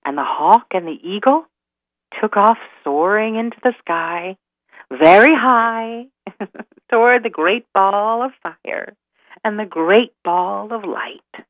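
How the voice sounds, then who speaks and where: A woman telling a folk tale, slow and dramatic in her delivery, heard over a tinny line. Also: medium pitch, animated, no room sound. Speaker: storyteller. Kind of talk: storytelling narration.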